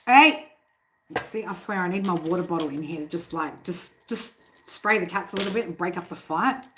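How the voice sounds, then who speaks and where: A woman's voice: fairly low pitch, fairly quick, poor audio. Swearing, chatty woman on a live stream. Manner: loose and chatty, swears freely, breaks off to scold her cats. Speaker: tarot reader hosting a live stream. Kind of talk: casual live-stream chat. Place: home with cats in the room. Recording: steady background noise. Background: noise and cats.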